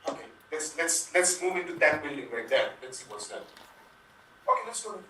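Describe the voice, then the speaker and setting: A man's voice: on the high side, animated, moderate pace, sharp tone. A man improvising a horror movie scene on a video call, narrating his own moves. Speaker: improv performer. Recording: distant echoey mic with faint noise.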